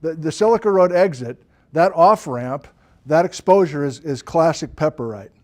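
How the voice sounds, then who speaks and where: Give me an enthusiastic male professor lecturing a class, with a fairly high voice. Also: normal speed. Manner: animated and enthusiastic, loud at times. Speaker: university geology lecturer. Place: university classroom.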